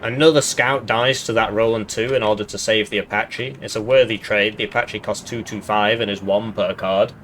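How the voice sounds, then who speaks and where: Guy with a lowish voice rambling over a war game replay, goes off on tangents, faint hiss behind. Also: fairly even intonation, normal speed, few pauses, fairly bright tone. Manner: rambling, thinks aloud, drifts into side tangents. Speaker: strategy game caster. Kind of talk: casual gameplay commentary.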